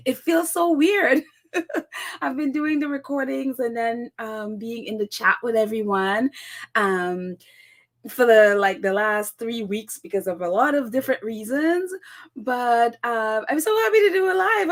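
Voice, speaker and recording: A woman's voice: high-pitched, lively intonation, unhurried. A woman hosting a live stream, chatting casually and greeting viewers by name, laughing often. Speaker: host of a royals commentary live stream.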